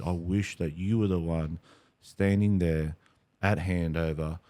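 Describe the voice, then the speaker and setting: Podcast host, man, low dark voice, earnest, repeats words when fired up. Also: steady tone, unhurried, hardly any pauses. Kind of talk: interview conversation.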